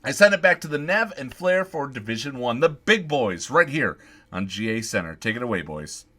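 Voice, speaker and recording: A man's voice: mid-range voice, very animated, normal speed, fairly bright tone. A man signing off his segment of a game show with friendly, upbeat well-wishes before handing over. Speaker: guest segment host. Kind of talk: show sign-off.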